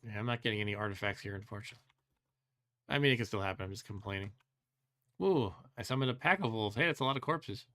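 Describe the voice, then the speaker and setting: A man's voice: fairly low pitch, fast talker, a bit bright. A man hosting a let's play, thinking aloud as he plays, musing and second-guessing himself with wry complaints and frequent chuckles. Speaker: host.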